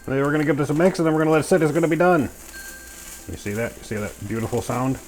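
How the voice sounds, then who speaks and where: A man's voice: on the high side, quick pace, a little mellow. A man cooking in his home kitchen and talking through each step in a goofy, chatty way, full of playful sound words. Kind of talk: casual cooking narration. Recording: music clearly under the voice. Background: music and clattering pans.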